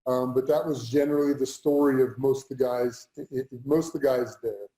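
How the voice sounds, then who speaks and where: A man's voice: mid-range voice, fairly even intonation, a little fast, mellow, roomy sound, low-quality recording. A man who played pro football, talking earnestly in an interview and repeating lines for emphasis. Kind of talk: motivational interview talk.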